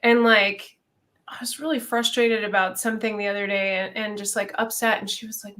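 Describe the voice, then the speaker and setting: A woman's voice: mid-range voice, fairly even intonation, fairly quick, a bit bright. A woman co-host in a casual chat, telling a candid personal story with lots of "like".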